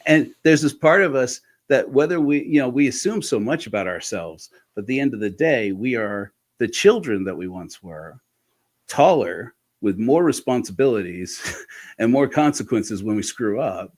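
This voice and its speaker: Guy chatting as a guest, mid pitch, frank and lively, keeps restarting his sentences. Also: normal speed. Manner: frank, animated, with frequent restarts. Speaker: interview guest. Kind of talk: candid conversational storytelling.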